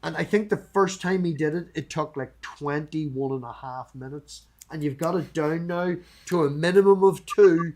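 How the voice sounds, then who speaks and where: A man's voice: on the high side, moderate pace, hardly any pauses, darkish tone. Blunt, sweary man. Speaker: stream host. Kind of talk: casual livestream chat.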